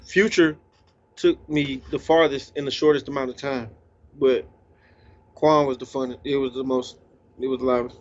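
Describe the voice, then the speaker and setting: A man's voice: medium pitch, fairly even intonation, normal speed, long pauses. A man talking as a guest DJ in a casual interview, laid-back and slangy, sometimes eating while he talks. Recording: slightly dull lo-fi sound.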